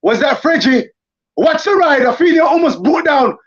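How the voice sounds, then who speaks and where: A man giving excited, theatrical live football commentary for a watchalong stream, full of exclamations. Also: very high-pitched, moderate pace, lo-fi sound.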